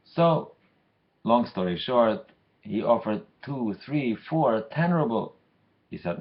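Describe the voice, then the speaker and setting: A man telling a story for a weekly Torah lesson in a lively way, acting out the characters. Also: medium pitch, measured pace, long pauses, highs cut off.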